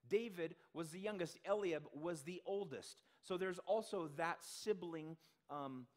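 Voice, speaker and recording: Speaking in a high voice at an unhurried pace, a male pastor gives a conversational sermon in the sanctuary. He quizzes the congregation and gives the people he quotes their own voices.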